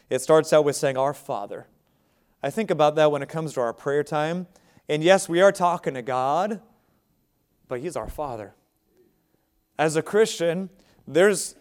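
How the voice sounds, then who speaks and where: A man's voice: fairly high pitch, a little mellow. An American man preaching a sermon, speaking in a conversational way with asides to the congregation. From United States. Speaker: pastor.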